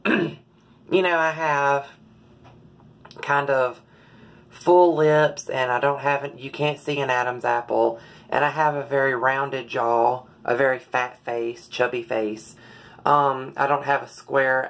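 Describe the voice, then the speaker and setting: Slow, deep-voiced woman, slightly hoarse. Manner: halting, frequent fillers and throat clearing. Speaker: vlogger. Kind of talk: personal confessional vlog.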